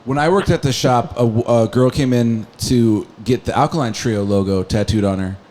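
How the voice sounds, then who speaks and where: A man co-hosting a casual podcast who cracks jokes and throws out quick one-liners. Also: mid-range voice, a little mellow. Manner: joking, quick with wisecracks. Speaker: podcast co-host. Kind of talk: casual chat.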